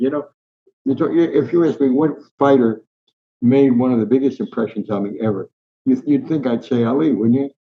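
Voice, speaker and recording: A man in his nineties from New Jersey, a guest in an interview telling rambling, vivid anecdotes with frequent restarts. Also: medium pitch. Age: 90s. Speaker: guest, veteran sports columnist. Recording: dull lo-fi sound.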